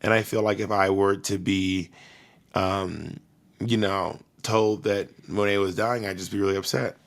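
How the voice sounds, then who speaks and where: A man's voice: low-pitched, fairly even intonation, a little slow, creaky. A man co-hosting a podcast in casual chat, playful and teasing, rambling a little as he talks. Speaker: podcast co-host.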